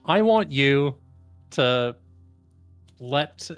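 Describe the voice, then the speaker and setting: A man's voice: medium pitch, expressive, drawn-out words, clear, resonant tone, no room sound, soft background music. Guy pleading in character at the table, stumbles over words, mid voice. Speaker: player. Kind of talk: in-character tabletop role-play.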